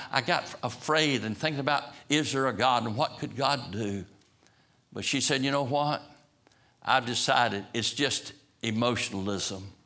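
A shaken woman admits her fear, then brushes it off as mere emotion, as a male preacher voices her. The delivery is hesitant, with a bright, forceful tone. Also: mid-range voice. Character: frightened woman talking herself out of fear.

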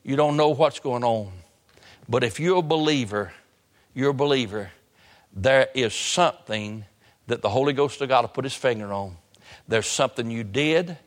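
Brief: male pastor, sermon delivery, repeats lines and drags key words, long church reverb. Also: medium pitch. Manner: preaching with repetition and sudden slow emphasis. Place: church sanctuary.

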